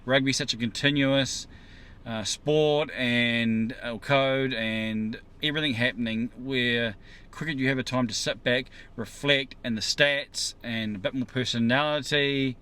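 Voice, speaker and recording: A man's voice: medium pitch, fairly even intonation, unhurried, bright, forceful tone, clean tone. A man talking casually to his viewers from a parked car, musing in a rambling way and asking them questions. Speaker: vlogger. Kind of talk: casual monologue to camera.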